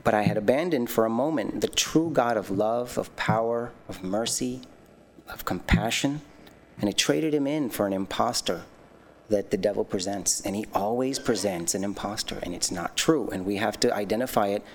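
A man giving a personal testimony in a sermon, earnest and animated, telling his story with many restarts and self-conscious laughs. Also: lowish voice, moderate pace. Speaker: lay speaker giving a testimony.

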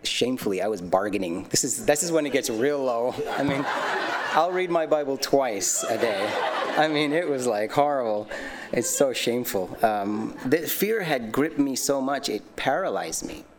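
A man giving a personal testimony in a sermon, earnest and animated, telling his story with many restarts and self-conscious laughs. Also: mid-range voice, moderate pace, a crowd in the background. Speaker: lay speaker giving a testimony.

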